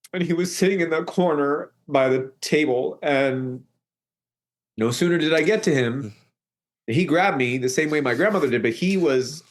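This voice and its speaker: A man telling a painful personal story as a podcast guest, earnest, his voice climbing high as he relives shouting.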